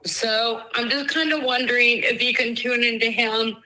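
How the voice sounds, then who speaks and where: A woman calling a radio show who talks slowly and emotionally, close to tears. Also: a little high, fairly even intonation, sharp tone, poor audio. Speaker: caller. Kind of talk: phone-in conversation.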